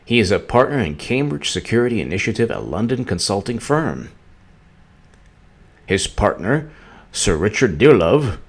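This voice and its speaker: Male vlog host, low and lively voice, rambling, sarcastic commentary full of restarts. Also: normal speed, long pauses, husky. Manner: rambling, sarcastic, stumbling over words. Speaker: political commentator. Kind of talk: casual political commentary vlog.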